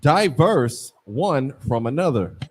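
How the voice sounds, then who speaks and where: A man reading scripture aloud for a class, taking it slowly and carefully. His intonation moves a lot, rising and falling through each verse. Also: mid-range voice, very animated. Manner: slow, measured reading. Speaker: scripture reader.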